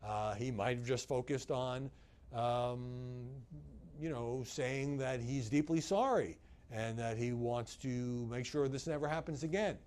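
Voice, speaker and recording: A man delivering news commentary as a media commentator, measured and analytical, with frequent "uh" fillers. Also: mid-range voice, a little mellow.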